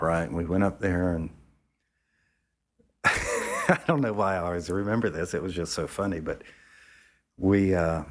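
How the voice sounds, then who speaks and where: Man photographer guest, low voice, easygoing profane yarn-spinner. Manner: loose, rambling, profane, chuckling. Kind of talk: casual storytelling anecdote.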